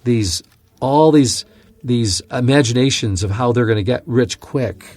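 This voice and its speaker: A man teaching from scripture on a podcast, telling a personal story in an earnest, animated way. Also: mid-range voice, measured pace, no room sound. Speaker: Bible teacher and podcast host.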